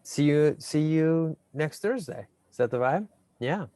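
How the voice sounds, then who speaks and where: Male podcast host, casual chat, animated, playful, dry close mic. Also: fairly high pitch, a little slow, smooth, dry recording. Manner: animated, playful, lots of fillers.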